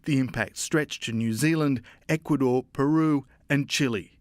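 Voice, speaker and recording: A man reporting the news in scripted, measured narration. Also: mid-range voice, no echo, studio quality. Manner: measured, formal delivery.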